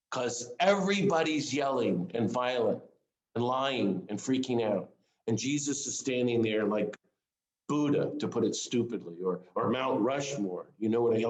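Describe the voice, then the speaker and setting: A man's voice: medium pitch, echoey room, low-quality recording. A man giving an informal sermon to a small group, earnest and conversational, putting direct questions to his listeners. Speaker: speaker of a Lenten series.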